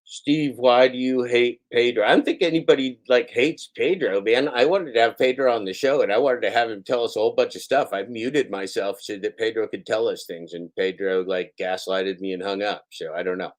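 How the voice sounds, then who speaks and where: A man's voice: on the low side, fairly quick, hardly any pauses. A man hosting a live stream, reading out and answering chat comments in a sarcastic, mocking way.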